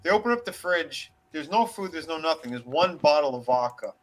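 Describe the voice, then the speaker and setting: A man's voice: fairly high pitch, expressive, brisk, poor audio. A man casually retelling a backstage story on a wrestling discussion podcast, swearing freely and slipping into quoted voices. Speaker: podcast co-host.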